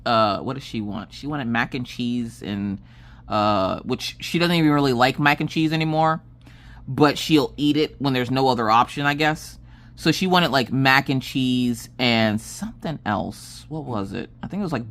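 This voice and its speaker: Animated Southern woman telling a story. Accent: Southern American. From American South. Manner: animated, acts out family members' lines with big pitch jumps and exasperated whispers. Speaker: craft vlogger. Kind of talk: casual storytime chat.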